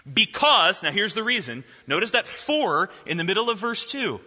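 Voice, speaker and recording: A man preaching a sermon in a church, his voice fairly high and very bright. He reads scripture slowly and then expounds with lively, swooping emphasis. The sound carries a long reverb from the hall. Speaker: pastor.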